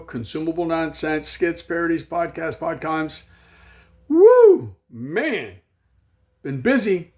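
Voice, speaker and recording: A man hosting his own comedy show, telling jokey, rambling stories in a monologue. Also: a little high. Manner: jokey, rambling storytelling with whoops and laughs. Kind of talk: comic monologue.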